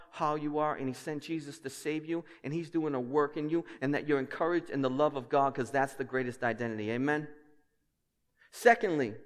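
A man preaching a sermon as pastor, emphatic, dropping to a hush and then rising loud, with rhetorical questions to the congregation. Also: on the high side. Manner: emphatic, swings between hushed and loud. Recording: reverberant church hall.

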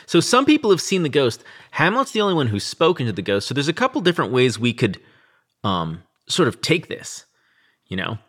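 A man's voice: medium pitch, big pitch swings, brisk, fairly bright tone. A man co-hosting a casual podcast, explaining scenes and reading verse aloud in between. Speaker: podcast co-host. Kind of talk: casual literary discussion.

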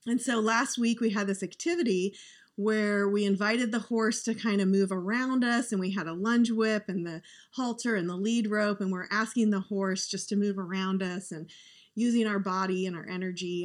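A woman's voice: mid-range voice, fairly even intonation, normal speed. A woman guest on a podcast, telling a personal story in an earnest, heartfelt, conversational way.

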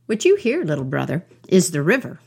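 A woman voicing a friendly, knowing male raccoon in a storybook tale, calm and kindly. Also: on the low side, fairly quick, creaky, slightly rough, exaggerated voice.

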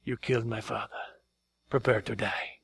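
A man putting on the voice of a vengeful swordsman from a film, low and quiet. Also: flat delivery, moderate pace, vocal fry, husky, exaggerated voice. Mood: menacing.

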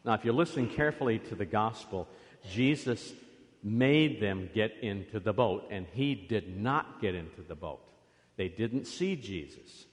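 A priest giving a children's sermon in a church, coaxing the children along with lively questions. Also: male voice, lowish voice, a little slow. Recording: long reverb of a church.

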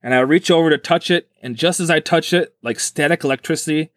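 A man's voice: on the high side, fast talker, fairly bright tone, dry recording, clean studio sound. A man hosting a podcast, retelling a strange story in casual, joking chat and acting out the quotes. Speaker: podcast host.

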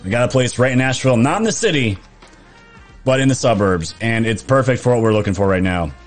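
A man's voice: medium pitch, expressive, fast talker. New guy in his 30s chatting on his livestream, reading chat comments, lots of um and restarts, some music faintly behind. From New York. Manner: chatty, laughs often, fillers and restarts. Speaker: live stream host. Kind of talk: casual live-stream chat reading viewer comments.

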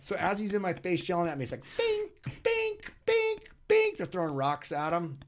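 A middle-aged man on a podcast, telling a story with excitement, acting out quotes loudly and filling with "like" and "you know". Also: fairly high pitch, fast talker. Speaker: podcast guest. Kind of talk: animated storytelling.

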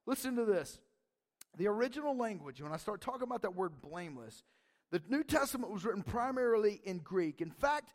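A male pastor giving a casual, slangy sermon, talking with lots of fillers and playful jokes to his congregation. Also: very high-pitched.

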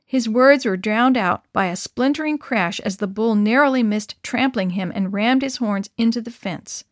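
A woman's voice: on the high side, normal speed, few pauses, no room sound, clean studio sound. A woman reading a children's story aloud, lifting into character voices for the dialogue.

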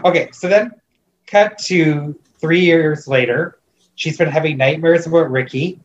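A man's voice: on the high side, a little slow, highs cut off, slight background noise. A man recapping a movie in casual chat, rambling with lots of fillers and restarts, amused and disbelieving. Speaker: podcast co-host recapping a movie.

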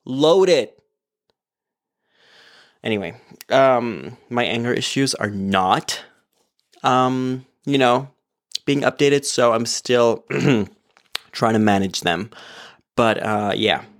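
A man's voice: medium pitch, animated, slow pace, long pauses. A man hosting his own podcast alone at home, talking candidly and rambling, with many fillers and frequent swearing. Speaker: podcast host. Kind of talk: casual solo podcast monologue. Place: home, apartment. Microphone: podcast microphone on an iPad.

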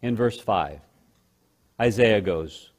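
A man preaching a sermon, slowing down to stress key phrases and swinging between loud and hushed delivery. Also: lowish voice, lively intonation.

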